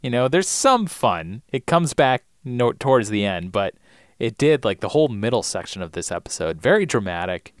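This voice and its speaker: Laid-back man with a lively voice. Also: mid-range voice, normal speed, clean tone, no room sound, clean studio sound. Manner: laid-back, agreeable, laughs a lot. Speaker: podcast co-host. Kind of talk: casual chat about a TV show.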